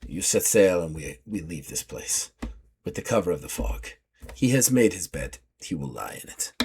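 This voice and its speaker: A grim sea captain, put on by a man, speaks low and quiet, each word heavy with heartbreak. He sounds solemn and weary. This is a tabletop game scene. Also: very animated, moderate pace, slight background noise.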